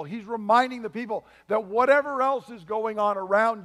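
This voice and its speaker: Pastor, male, emphatic preaching with asides, higher voice, long church-hall echo. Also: moderate pace, few pauses, a bit bright. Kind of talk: sermon.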